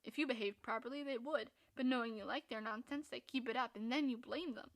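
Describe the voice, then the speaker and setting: A woman voicing a frank, spirited young woman who scolds in a brisk, reproving way. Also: a little high, close to an everyday voice.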